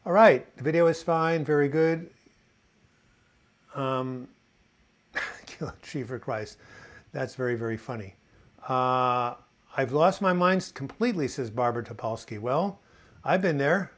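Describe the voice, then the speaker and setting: A man's voice: medium pitch, measured pace, long pauses. A man in his sixties hosting a casual live video chat, reading viewer comments and telling corny jokes and puns. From United States. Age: 60s. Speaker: host of a live video chat on mental health.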